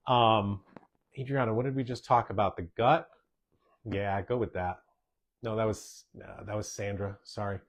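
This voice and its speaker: Male doctor-host, mid-pitched, chatty Q&A delivery, drives points home by repeating them. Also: animated, moderate pace. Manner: emphatic, repeats key points, tags sentences with "okay?". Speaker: doctor hosting a podcast. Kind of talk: casual podcast Q&A, answering listener questions.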